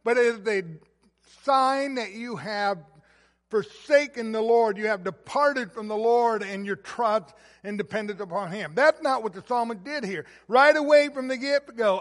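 A preacher delivering a sermon, emphatic, repeating key phrases and swelling louder on the points he stresses. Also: very high voice, expressive, unhurried. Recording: long hall reverb.

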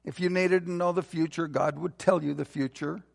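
A man preaches a sermon in a high, gravelly voice, building to emphatic, forceful peaks before easing into soft, low phrase endings. His words carry a long reverb from a large church hall. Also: fairly even intonation, normal speed. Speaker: pastor.

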